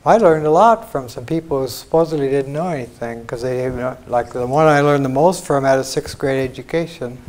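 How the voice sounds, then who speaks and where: A man's voice: mid-range voice, a little fast, hardly any pauses, darkish tone. Older American man giving frank spiritual talk. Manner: frank, conversational, salty asides and mock quotes. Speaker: spiritual teacher. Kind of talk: informal spiritual talk to an audience. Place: lecture hall.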